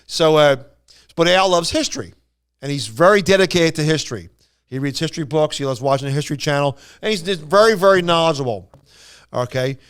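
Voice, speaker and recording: Male podcast host, casual rambling storyteller, clear resonant tone, slightly high pitch. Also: expressive, brisk, a bit bright. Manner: rambling, frequent restarts and asides.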